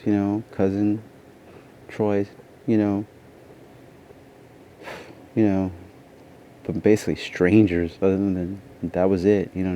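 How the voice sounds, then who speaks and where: Tired low-voiced man rambling. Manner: rambling, says "you know" constantly. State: tired from lack of sleep. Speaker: vlogger. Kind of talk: casual personal storytelling. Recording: dull lo-fi sound with faint noise.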